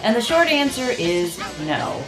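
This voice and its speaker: A woman's voice: a little high, huge pitch swings, unhurried, vocal fry, over music. A woman hosting a casual vlog, talking to camera in a chatty, wry, explanatory way. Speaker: founder and director of an education consultancy, vlog host.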